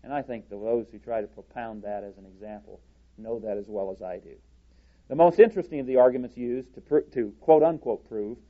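A man preaching a sermon from a church podium, deliberate and halting, with frequent restarts. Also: medium pitch, dull audio.

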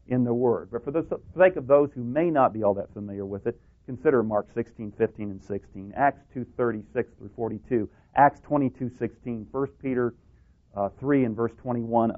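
A male preacher delivers an emphatic sermon, pressing his points harder as he builds. His voice sits in a middle pitch. The sound is thin and tinny, like an old phone-line tape. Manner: emphatic, building to stressed pleas.

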